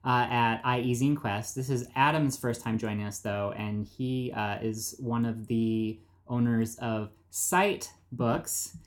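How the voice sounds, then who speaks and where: A man hosting a radio podcast, introducing guests in a relaxed, casual way with plenty of fillers. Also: medium pitch, a little slow, few pauses.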